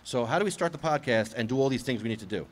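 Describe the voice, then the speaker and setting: A man's voice: medium pitch, animated, racing, slight background noise. A man hosting a live podcast outdoors at a public event, chatting casually and teasing his co-host. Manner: joking, teasing.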